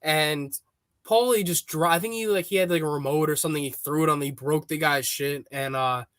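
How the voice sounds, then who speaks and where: A man's voice: fairly high pitch, fairly quick, a bit bright, dry recording. A man hosting a podcast, recounting scenes in a loose, rambling way with many fillers. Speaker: podcast host. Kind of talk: casual chat.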